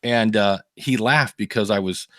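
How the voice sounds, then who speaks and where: A man hosting a podcast, telling animated stories in casual chat and acting out the people he quotes. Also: on the low side, a little slow, no room sound, clean studio sound. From United States. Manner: animated storyteller, acts out quoted voices. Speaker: podcast host.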